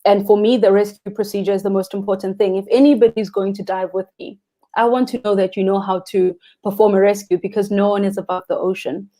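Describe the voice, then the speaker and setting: Guest spot: young South African woman, warm mellow tone, earnest and expressive about the ocean. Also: mid-range voice, quick pace. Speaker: freediving instructor, guest. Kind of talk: live interview chat.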